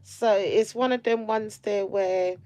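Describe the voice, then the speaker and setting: A woman telling a personal story to camera in a chatty, animated way, full of slang and asides. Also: medium pitch, slow. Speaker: vlogger.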